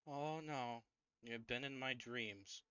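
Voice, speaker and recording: A man's voice: medium pitch, slow pace, bright, forceful tone, clear, resonant tone, dry recording, muffled recording. A man voicing a frightened, desperate starving man who pleads and panics. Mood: pleading.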